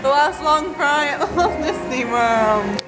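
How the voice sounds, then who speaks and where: High, giggly woman vlogging at a busy park. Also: slow. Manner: bubbly, giggly, cheers and shouts excitedly. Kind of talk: casual vlog narration to camera. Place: outdoor theme park. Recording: loud music and crowd noise outdoors. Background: loud park music and crowd.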